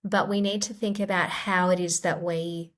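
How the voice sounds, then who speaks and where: Gentle low-voiced woman explaining. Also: level tone, normal speed. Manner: gentle, explanatory, acts out quoted inner voices. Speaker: clinical psychologist guest. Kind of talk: podcast interview.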